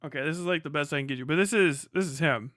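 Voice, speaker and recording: A young man with a high, bright, sharp voice rants on a live stream. He swears constantly and sounds heated and mocking. The sound is close and dry. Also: racing, no room sound. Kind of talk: profane ranting commentary on a live stream.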